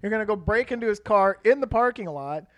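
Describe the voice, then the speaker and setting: High-voiced young man, skeptical. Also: animated, fast talker, a bit bright, no room sound. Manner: skeptical, teasing pushback. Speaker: podcast co-host. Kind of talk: casual chat.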